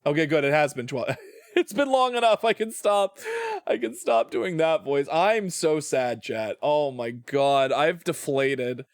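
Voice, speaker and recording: A man streams a video game and talks it through out loud. His voice sits a touch high and swings widely in pitch as he groans, sighs and mutters to himself and to chat. The sound is dry, with no room around it. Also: animated, measured pace, dry recording. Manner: talks to himself, groaning and sighing over losses. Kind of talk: casual gaming livestream commentary.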